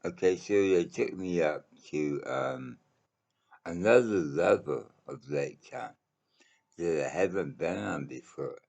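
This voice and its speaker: Very deep gravelly man, slow rambling story. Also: animated, a little mellow. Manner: rambling, halting, many fillers, swears casually. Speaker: channel host telling a personal story. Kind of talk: casual spoken anecdote.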